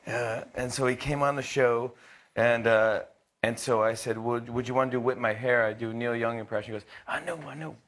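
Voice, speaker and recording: Guy in his 30s telling a showbiz story, keeps restarting, laughs a lot, average pitch. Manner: animated storyteller, quick impressions, frequent laughs and restarts. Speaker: late-night talk show host telling a story. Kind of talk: casual anecdote.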